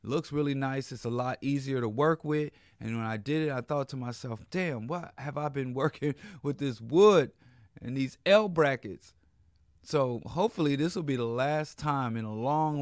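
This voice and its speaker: Hoarse male radio host from Chicago, loose and rambling in a dry studio, mid-range voice. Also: medium pitch, no echo. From Chicago, Illinois. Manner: laid-back, rambling, casual slang. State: hoarse, losing his voice. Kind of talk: live radio talk monologue.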